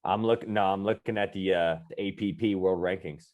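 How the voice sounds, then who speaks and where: A man's voice: low-pitched, fairly even intonation, a little fast, darkish tone. A man hosting a podcast, chatting casually and teasing his guest with jokes. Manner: teasing, joking, laughs often. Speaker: podcast host. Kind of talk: casual chat.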